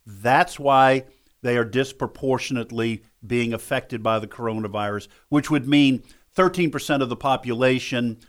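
Measured male talk radio co-host. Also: mid-range voice. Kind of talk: conservative talk radio discussion.

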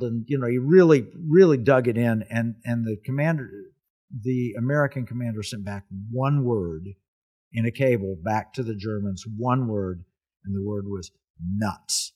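A man's voice: mid-range voice, unhurried, a little mellow. A man hosting a casual talk, telling a history story in an earnest, emphatic way.

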